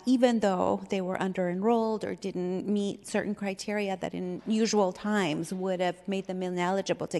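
Woman, mid-pitch voice, emotional unscripted tribute, many fillers, long chamber reverb. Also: darkish tone. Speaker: board supervisor. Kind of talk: heartfelt tribute speech. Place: government meeting chamber.

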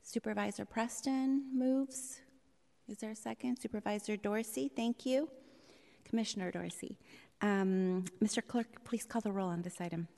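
Woman, vice chair running a public board meeting, measured and polite, mid-pitched voice, long echo of a big legislative chamber. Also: fairly even intonation, vocal fry, darkish tone. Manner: measured, polite, with occasional fillers. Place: legislative chamber in a city hall. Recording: long reverb of a large hall.

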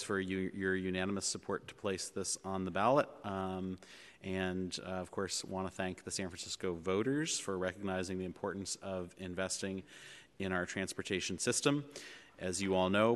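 A man chairing a public board meeting, speaking in a measured way with frequent ums and uhs, in a large chamber. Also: sits low, fairly bright tone, clear, resonant tone. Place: legislative chamber in city hall. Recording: long reverb of a large chamber.

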